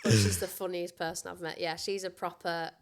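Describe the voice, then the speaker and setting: Northern English female athlete, lower-set voice, warm chatty guest who laughs easily. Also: sing-song, a little fast, crowd noise. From Northern England. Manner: friendly, giggly, chatty. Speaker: rugby league player. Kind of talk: casual interview chat.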